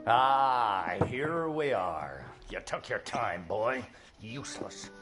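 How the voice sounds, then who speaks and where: An actor playing a gruff studio owner in a video game, dry and condescending toward his assistant. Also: mid-range voice, lively intonation, takes it slowly, a bit bright, soft background music.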